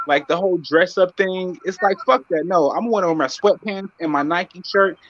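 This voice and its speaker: A man's voice: sits high, normal speed, fairly bright tone, dry recording, highs cut off. A man chatting casually on a video call. He talks in an easygoing, agreeable way and often asks "you know what I'm saying?".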